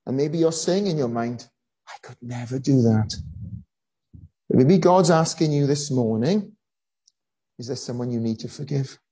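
A preacher giving a sermon, telling a story earnestly with frequent pauses and fillers. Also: medium pitch, mellow, slightly rough, rough recording.

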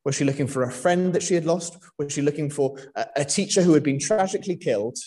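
A man's voice: fairly high pitch, quick pace, mellow. Welsh man preaching a sermon. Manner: conversational, with frequent uh and restarts.

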